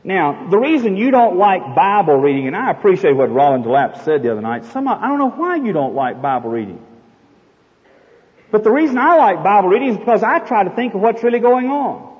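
A man preaching a sermon, retelling a scripture story in a folksy, animated way. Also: sits high, brisk. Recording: echoey hall, dull lo-fi, faint noise.

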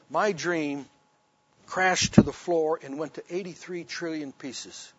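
Breathy-voiced man preaching a testimony. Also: a little high, takes it slowly, no room sound. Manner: emphatic, storytelling. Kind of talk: sermon testimony. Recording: dull lo-fi recording.

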